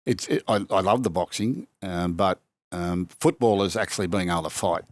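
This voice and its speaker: An older Australian man, once a rugby league coach, spins yarns in relaxed conversation, acting out quotes and often restarting his sentences. His voice is low and his pace moderate, with no echo in the recording.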